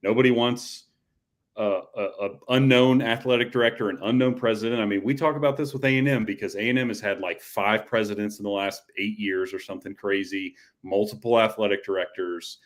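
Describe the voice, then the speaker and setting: A man's voice: fairly low pitch, fairly even intonation, fairly quick. A man co-hosting a casual college football talk show, rambling with frequent restarts. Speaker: podcast co-host.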